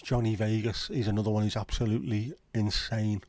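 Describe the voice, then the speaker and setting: A man's voice: lowish voice, little pitch movement, fairly quick, darkish tone, no room sound. A man with a Liverpool accent hosting a casual livestream chat, rambling and opinionated with frequent swearing. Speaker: livestream host.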